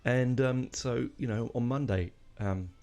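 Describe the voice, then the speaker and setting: A man's voice: medium pitch, unhurried, a little mellow, smooth. A man hosting a casual music podcast, rambling and emotional, with lots of fillers and restarts. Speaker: podcast host.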